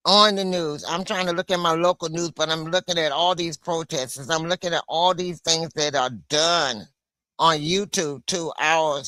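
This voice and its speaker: A woman's voice: low voice, fairly even intonation, moderate pace, a bit bright, no echo. A woman from the United States hosting a solo livestream, venting in an impassioned, emphatic way. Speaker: livestream host.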